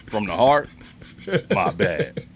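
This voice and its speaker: A man's voice: low voice, slow, slight background noise. A man reacting to a friend's story in a casual chat, throwing in jokes and comments. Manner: animated, joking interjections.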